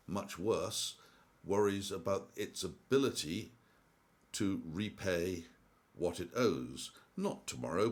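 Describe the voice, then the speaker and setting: An older man giving a casual, rambling monologue about markets and an old story, with many ums and restarts. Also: sits low. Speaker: investment commentator.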